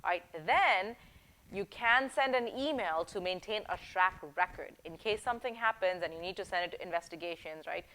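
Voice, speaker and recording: A woman's voice: fairly low pitch, normal speed, fairly bright tone, poor audio. A woman giving workplace advice in a direct, emphatic, conversational way, often checking in with "okay?" and "right?". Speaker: workplace empowerment coach. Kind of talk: advice video talk.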